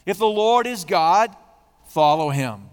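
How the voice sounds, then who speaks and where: A defiant male prophet with a forceful, declaiming voice, as a preacher reads him aloud. The voice sits a touch high and rings out in a long reverb of a large hall. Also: very animated, takes it slowly, clean tone, exaggerated voice. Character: bold defiant male prophet challenging a king.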